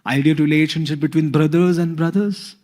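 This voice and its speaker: A man giving a scripture talk, pausing often with fillers. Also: on the high side, steady tone, a little mellow. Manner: hesitant, many fillers. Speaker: spiritual speaker.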